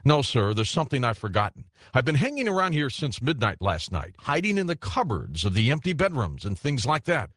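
A man's voice: mid-range voice, sing-song, brisk, few pauses, a bit bright, no room sound, studio quality. A man voicing a timid, awkward young male ghost who answers meekly and apologetically. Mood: apologetic. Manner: meek, apologetic, hesitant.

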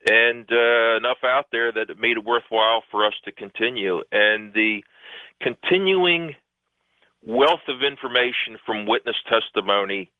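A man's voice: mid-range voice, unhurried, no room sound. A man, a guest researcher, talks at length in a radio interview, rambling and emphatic with many fillers. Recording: tinny phone line, dry.

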